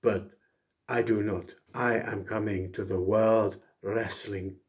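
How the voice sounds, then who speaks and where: A man doing a quiet, low impression of a cocky male wrestler, boasting in a put-on accent. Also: fairly even intonation, slow pace.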